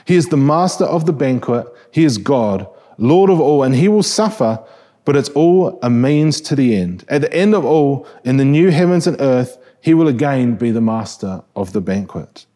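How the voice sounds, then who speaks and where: A man's voice: mid-range voice, lively intonation, moderate pace, dark tone. A man with a New Zealand accent preaching a sermon in a conversational way, often restarting phrases and asking rhetorical questions.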